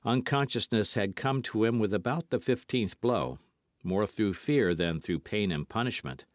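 A man narrating an audiobook with lively, dramatic storytelling. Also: lowish voice, moderate pace, dry recording, studio quality. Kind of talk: scripted narration.

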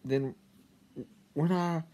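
A man telling a personal story to his viewers, halting, with frequent stammers and restarts. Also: on the high side, steady tone, mellow. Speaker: vlogger. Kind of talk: casual storytelling to camera.

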